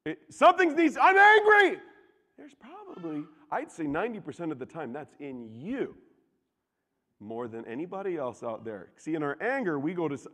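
Guy preaching, animated, jokes with the crowd, voice swoops up and down, echoey hall. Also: fairly high pitch, moderate pace. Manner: animated, jokey, asks the congregation questions. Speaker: pastor. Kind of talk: sermon. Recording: reverberant hall.

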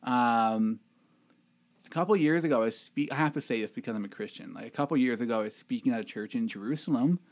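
A man's voice: medium pitch, fast. A man from Toronto, a podcast guest chatting casually and joking about himself. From Toronto, Canada. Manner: joking, self-deprecating, laughs often. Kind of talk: casual chat.

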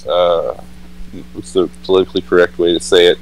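A man's voice: low-pitched, steady tone, brisk, rough recording. A man co-hosting a podcast, telling wry, profane stories in casual chat. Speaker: podcast co-host.

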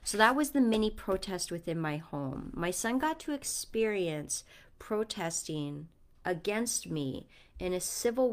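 A mother talking casually and earnestly, telling a story about her son and reflecting on her Bible reading. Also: medium pitch. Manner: earnest, storytelling, speaks with conviction. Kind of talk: casual reflective vlog talk.

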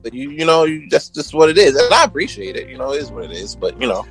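A music producer swaps stories as an interview guest, his husky voice a little high with big swings in pitch and a quick pace. He's laid-back and slangy in this casual chat, dropping "you know what I'm saying" again and again.

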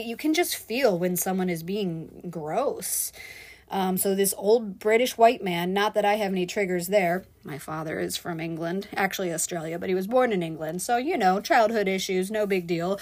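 A restaurant server tells a candid personal story in a vlog, her mid-range voice swinging from loud frustration to hushed, quiet moments.

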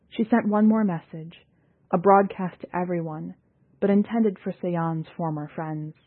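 A woman reading a science fiction story aloud in a steady, measured narration. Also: fairly low pitch. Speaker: audiobook reader and podcast editor. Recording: tinny phone-like audio.

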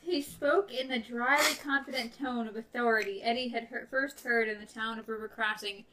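Female co-host, slightly high and bright, steady reader who recaps casually. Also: moderate pace, rough recording. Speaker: co-host reading a novel aloud. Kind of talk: reading a novel aloud with casual commentary.

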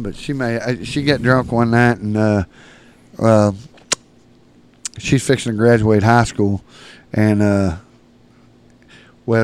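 A man, a podcast guest telling rowdy stories with lots of laughter. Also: on the low side. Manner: rowdy, laughing, acts out shouted quotes. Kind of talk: storytelling in casual chat.

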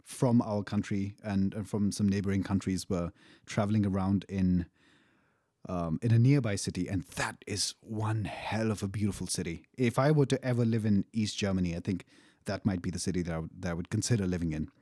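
A man's voice: low-pitched, steady tone, brisk, warm tone, no echo, studio quality. A man casually recounting a personal story, rambling and profane, with frequent fillers and chuckles.

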